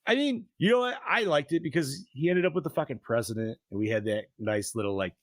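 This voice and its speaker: A man's voice: on the high side, fast talker, hardly any pauses, no echo. A young man hosts a casual podcast conversation, easygoing and full of swearing. His voice rises and falls a lot, and the sound is dry and close. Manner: laid-back, profane, animated. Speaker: podcast host. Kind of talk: casual chat.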